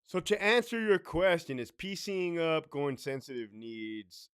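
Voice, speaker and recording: Blunt, profane former prison officer. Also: male voice, on the high side, sing-song, unhurried, fairly bright tone, clear, resonant tone, no echo, clean studio sound. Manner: blunt, profane, conversational, with frequent "right?" asides. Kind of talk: casual talk to camera.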